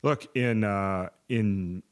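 A man's voice: on the low side, very slow. A man hosting a chat, casually analyzing a comedy story with restarts and loose phrasing. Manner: conversational, restarts, breaking down a story. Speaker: podcast host.

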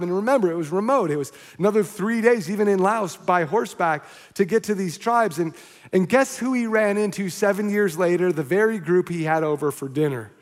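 A man's voice: high voice, brisk, in a large hall. A man preaching a sermon, telling a story animatedly, acting out the quotes and restarting his sentences often. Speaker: pastor.

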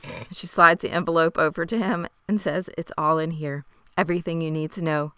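A woman's voice: deep voice, fairly even intonation, fairly quick, pushed and bright, smooth, dry recording, clean studio sound. A woman co-hosting a podcast, recapping from her notes in a wry, casual way. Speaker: podcast co-host.

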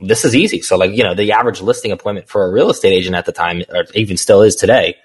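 A man with a very low, deep voice speaks as a guest on an interview show. He tells his story candidly, in a relaxed conversational way, and he laughs easily. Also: racing, slightly rough. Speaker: guest, small business founder.

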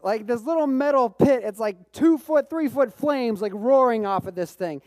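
A man preaching a sermon as pastor, telling a personal story with bursts of excitement and frequent repeated words. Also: very high-pitched, normal speed, hardly any pauses, no room sound. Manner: repeats words when restarting phrases.

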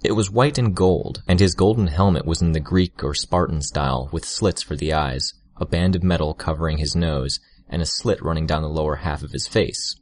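Deep-voiced man narrating an audiobook. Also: moderate pace, hardly any pauses, dry recording. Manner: steady, first-person storytelling.

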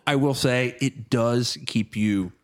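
A man's voice: medium pitch, takes it slowly. A man hosting a podcast, chatting casually about a movie, laughing often and swearing freely. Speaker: podcast host.

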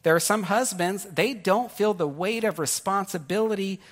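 A man's voice: sits high, normal speed. A man preaching a sermon as pastor, talking in a conversational, joking way and telling stories to make his point.

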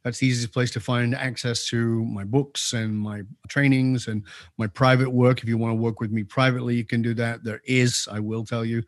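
A man's voice: medium pitch, flat delivery, moderate pace, dry recording, studio quality. A man as an interview guest giving opinionated commentary, emphatic and repeating key points for force.

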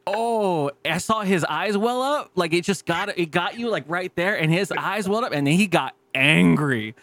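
A man in his thirties who tells loose, profane stories and laughs often as he acts out what others said. His voice sits a little high. The sound is dry and close, with no room around it. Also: expressive, moderate pace, a bit bright, no echo. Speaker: podcast co-host. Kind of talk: casual chat.

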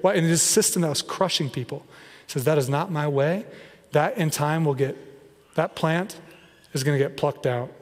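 A male pastor delivers a conversational sermon, his voice sitting a little high for a man. He keeps dropping into animated, playful impressions as he preaches. The sound carries a long reverb from a large church hall. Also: moderate pace. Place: church sanctuary.

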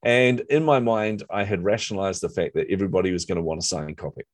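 A middle-aged man with a New Zealand accent, telling a personal story in a lively, self-deprecating way during a conversation. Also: sits low, fast talker, no room sound. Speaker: author and marketer, guest.

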